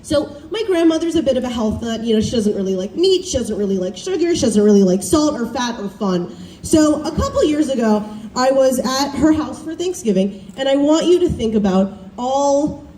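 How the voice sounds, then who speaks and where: A young woman from the American South performing a self-deprecating stand-up set, chatty and animated as she tells family stories. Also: high-pitched, moderate pace, slight background noise. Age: young adult. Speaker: student stand-up comic. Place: campus showcase stage. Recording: roomy, distant stage recording with faint ambience.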